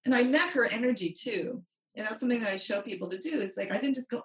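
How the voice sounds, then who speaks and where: A woman's voice: fairly high pitch, quick pace. A woman money coach, a guest on a podcast, telling a story animatedly and acting out quotes. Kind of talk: interview storytelling. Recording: roomy, distant from mic.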